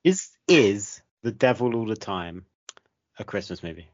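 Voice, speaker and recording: Blunt low-voiced man, lo-fi sound. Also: very animated, measured pace. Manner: dry, blunt, opinionated. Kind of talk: casual chat. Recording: dull lo-fi sound.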